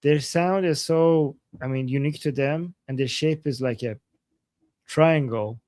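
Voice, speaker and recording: A man from Iran co-hosting a casual news commentary, excitable and exclaiming often. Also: on the high side, a little slow, no echo, clean studio sound. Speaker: co-host.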